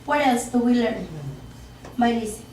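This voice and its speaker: A woman's voice: on the high side, normal speed, a little mellow, far from the mic. A woman giving an interactive workshop presentation, quizzing the group and often checking in with "okay?" and "yes?". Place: classroom. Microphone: distant room mic. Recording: echoey classroom from afar, faint noise.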